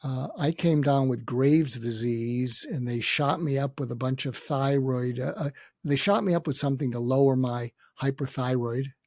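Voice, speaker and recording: An older man, a podcast guest, telling a personal story reflectively, pausing often and quoting what others said. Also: medium pitch, a little mellow, dry recording, studio quality. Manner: reflective, with many hesitations and quoted dialogue. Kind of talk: storytelling in a conversation.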